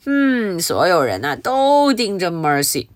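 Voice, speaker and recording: A woman's voice: on the low side, a little slow, no echo, clean studio sound. A woman teaching through a storybook, reading aloud and explaining it, often asking her listeners questions. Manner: expressive, asks listeners questions.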